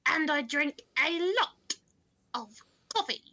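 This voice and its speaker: A woman voicing a blunt masked male tinkerer in a tabletop game, slow and deadpan. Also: sits high, voice pushed up, exaggerated voice.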